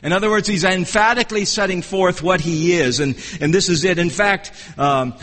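This preacher has a notably high, slightly bright voice and gives an earnest, measured expository sermon, often restarting phrases as he teaches. A long reverb carries his words, as if in a church sanctuary.

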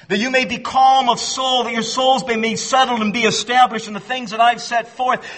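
A man preaching an expository sermon, earnest and emphatic, often repeating words as he restarts and slowing down to stress key phrases. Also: high voice, sharp tone. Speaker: pastor. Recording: long hall reverb.

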